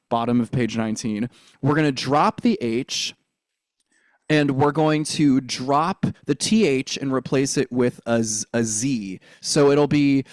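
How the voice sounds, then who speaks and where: A man coaching performers through an accent lesson, upbeat and encouraging, sweeping his voice high and low as he demonstrates. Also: animated, unhurried, no echo, clean studio sound. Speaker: drama coach.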